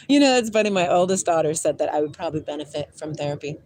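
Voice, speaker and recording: A middle-aged livestream host from Washington state, USA, chats playfully with viewers outdoors by a river, rambling and drifting between talk and singing. Her low, darkish voice has lively intonation and a quick pace with hardly any pauses.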